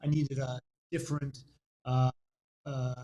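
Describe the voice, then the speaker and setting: A man, a doctor and author, chatting as a guest and telling jokes as a relaxed, sometimes hesitant storyteller. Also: medium pitch, a little slow, poor audio. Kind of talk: interview chat and joke telling. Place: office studio.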